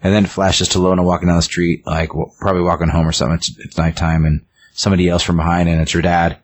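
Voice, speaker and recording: A man with a very low voice retells a film scene by scene in a loose, casual way. He rambles, restarting phrases and leaning on fillers as he goes. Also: flat delivery, fast talker. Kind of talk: casual chat.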